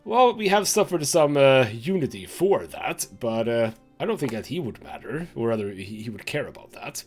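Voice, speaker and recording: A man playing a narrative game, reading its story text aloud and thinking out loud about his choices, with mild swearing. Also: medium pitch, sing-song, normal speed, soft background music. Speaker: gaming channel host.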